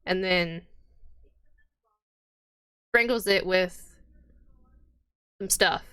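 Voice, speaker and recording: A woman's voice: on the low side, drawn-out words, pushed and bright, clear, resonant tone. Chatty woman game master. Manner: casual, chatty, with many fillers. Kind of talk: narrating a tabletop game.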